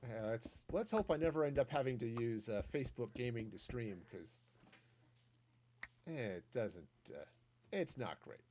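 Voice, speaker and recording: A man's voice: medium pitch, sing-song, unhurried, darkish tone, a little hiss or hum. A man streaming a game, chatting casually and thinking aloud with many restarts. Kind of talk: casual commentary while gaming.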